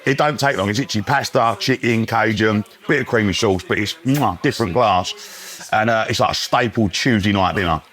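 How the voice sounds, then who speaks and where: Here a fairly low-voiced Englishman talks a little fast, joking cheekily and laughing loudly as a guest at a pub dinner. The setting is a pub dining room and the talk is casual.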